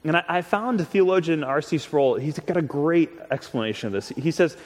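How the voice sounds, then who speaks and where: A man's voice: a little high, fairly quick. A man preaching a sermon in an earnest, conversational way, often restarting and repeating words. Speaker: pastor. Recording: long hall reverb.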